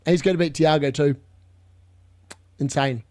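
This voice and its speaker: High-voiced, excitable young man streaming live. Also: moderate pace, no room sound. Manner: excitable, chatty, reacting to live scores. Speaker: fantasy football livestream host. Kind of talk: live watchalong commentary.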